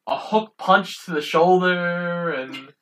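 A man co-hosting a casual podcast, chiming in with relaxed remarks about a film. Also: sits high, takes it slowly, rough recording. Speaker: podcast co-host. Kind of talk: casual chat.

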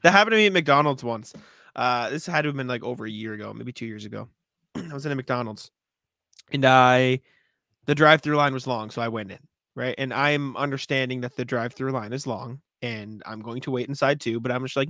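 A young man co-hosts a casual podcast, telling animated stories full of swearing. His voice is bright and forceful, recorded dry and close to the mic. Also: mid-range voice, fairly quick, no echo. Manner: profane, animated storytelling. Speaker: podcast co-host. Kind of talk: casual chat.

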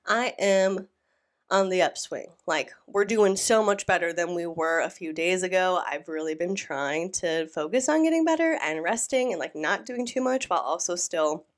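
A woman's voice: lowish voice, moderate pace. A young woman hosting a reaction video, sounding out of breath from a sinus illness, rambling and teasing in casual chat. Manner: rambling, playful and mocking. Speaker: YouTube reaction host. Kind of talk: casual chatty commentary.

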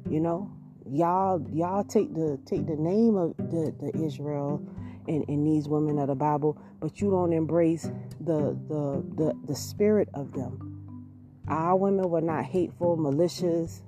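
A woman's voice: sits low, measured pace, music in the background. A woman with a Southern US accent, hosting a podcast and talking straight to her listeners in a folksy, repetitive way. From southern United States. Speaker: podcast host. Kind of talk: casual monologue.

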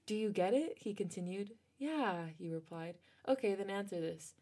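A woman's voice: medium pitch, normal speed, hardly any pauses, darkish tone. A young woman co-hosting a podcast, reading fan fiction aloud and often giggling at it. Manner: breaks into giggles while reading. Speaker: podcast co-host.

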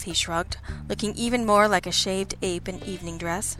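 A woman's voice: lowish voice, steady tone, fairly quick, few pauses, fairly bright tone. A woman reads a first-person audiobook in an arch, wry manner. Faint music plays behind her. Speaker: audiobook narrator.

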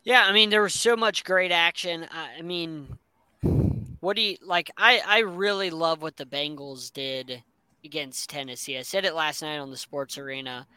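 A man's voice: fairly high pitch, normal speed, pushed and bright, clear, resonant tone, no echo. A man co-hosting a sports talk show, chatting casually and opinionated about football teams. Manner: enthusiastic, opinionated, rambling.

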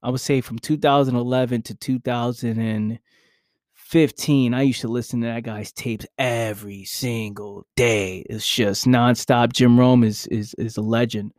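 Man, podcast host, motivational monologue, emphatic, slangy, repeats himself, mid-pitched, dry close mic. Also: a little mellow, dry recording. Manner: earnest, emphatic, repeats phrases; swears casually, slangy.

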